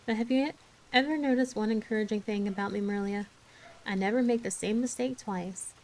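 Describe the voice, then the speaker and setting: A woman's voice: mid-range voice, brisk, darkish tone, a little hiss or hum, lightly acted, low-quality recording. A woman voicing a tearful, dramatic orphan girl, pleading in an anguished, breathless way during an ASMR book reading. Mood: earnest.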